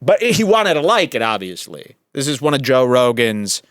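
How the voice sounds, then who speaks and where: A man's voice: medium pitch, very animated, moderate pace, a bit bright, no room sound. A man hosting a podcast, giving sarcastic, rambling, jokey commentary on a video clip. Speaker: podcast host.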